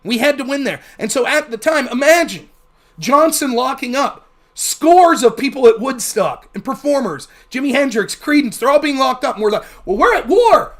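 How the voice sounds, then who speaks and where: High-voiced, heated male streamer. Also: lively intonation, normal speed, fairly bright tone. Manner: heated, sarcastic, profane ranting. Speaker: livestream host. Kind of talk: political commentary livestream.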